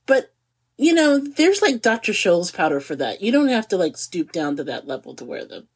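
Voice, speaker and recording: A woman in her forties chats on a podcast with a slightly husky, breathy tone. Her pitch swings widely as she jokes. She laughs easily and speaks with no regional accent. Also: normal speed. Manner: animated and giggly, laughs often. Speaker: podcast co-host. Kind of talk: casual chat.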